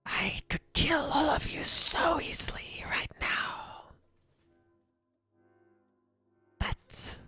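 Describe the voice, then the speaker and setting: A man voicing a menacing ancient serpentine creature in a slow, hissing whisper, as whispered role-play. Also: extremely high pitch, expressive, pushed and bright, soft background music, pitched above the performer's own voice, full character voice. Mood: scornful.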